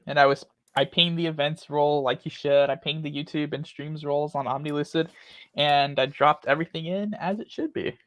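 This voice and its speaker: A man's voice: a little high, fairly even intonation, a little fast, a bit bright, no echo. A rambling, chatty man hosting a casual talk stream, laughing often. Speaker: host. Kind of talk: casual chat.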